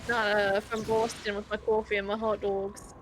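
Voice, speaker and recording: A woman's voice: medium pitch, flat delivery, moderate pace, slight background noise. A woman co-streaming a game, chatting playfully and teasing her partner. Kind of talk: casual gameplay banter.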